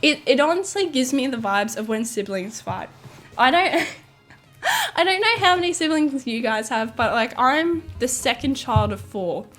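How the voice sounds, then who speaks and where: Rambling Australian woman, higher voice. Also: unhurried, soft background music. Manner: rambling, excitable, swears, laughs often. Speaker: streamer. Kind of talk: casual stream chat.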